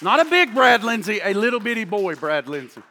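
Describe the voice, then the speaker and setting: A middle-aged man preaching a sermon as pastor, fervent and emphatic, swinging between shouting and hushed tones. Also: high voice, very animated, a little fast, long reverb tail, some chatter behind.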